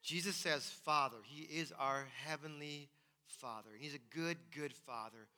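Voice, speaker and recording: Pastor, man, high bright voice, emphatic sermon delivery, long hall reverb. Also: measured pace. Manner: emphatic, repeats key phrases.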